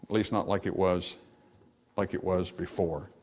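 A man preaching a sermon, animated and acting out the voices in the scripture passage, then dropping to softer, reflective tones. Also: sits low, normal speed. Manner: animated, acts out dialogue from scripture. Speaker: pastor.

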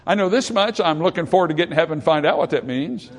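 A man's voice: fairly high pitch, expressive, quick pace. Male preacher, sermon, scripture reading, conversational asides, emphatic repetition. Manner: reads scripture, then builds with rising emphasis and repetition; plain, conversational asides with fillers.

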